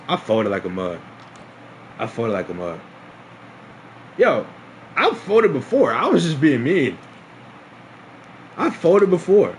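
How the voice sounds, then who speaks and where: Animated young man telling a story. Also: on the low side, a little hiss or hum. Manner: animated, laughing, slangy with many restarts. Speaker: streamer. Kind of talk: casual storytime.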